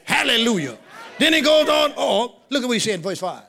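In a church sanctuary, a high-pitched, gravelly-voiced pastor shouts a fairly quick sermon with big pitch swings. He preaches call-and-response, and this live recording captures the crowd answering back.

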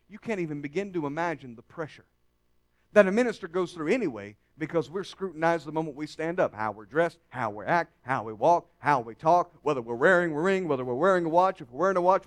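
A male pastor preaching a sermon to his congregation, swinging between hushed, confiding lines and loud, emphatic calls. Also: high-pitched. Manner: dramatic, swings from hushed to shouting.

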